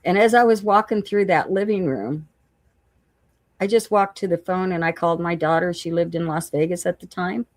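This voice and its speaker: A woman's voice: fairly low pitch, moderate pace, no room sound. A middle-aged woman candidly telling her recovery story, emotional at times and retelling conversations as quoted dialogue. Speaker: guest sharing recovery story.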